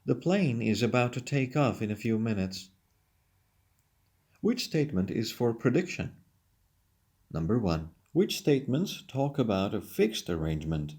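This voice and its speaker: A man's voice: medium pitch, big pitch swings, a little slow, darkish tone, husky. A man teaching English, reading questions and answers from a textbook lesson aloud. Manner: reads questions then answers them aloud.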